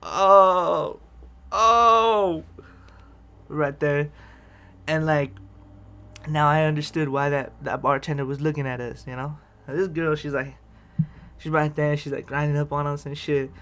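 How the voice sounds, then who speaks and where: A man's voice: a little high, level tone, moderate pace. Rambling, profane storytelling guy. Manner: rambling, profane, laughs often. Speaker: vlogger telling personal stories. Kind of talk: casual storytelling.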